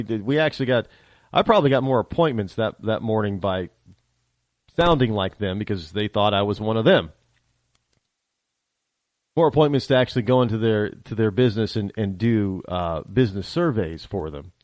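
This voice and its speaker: A man from the northern United States hosting a podcast, telling stories in a rambling, animated casual monologue. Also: medium pitch, no echo. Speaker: podcast host.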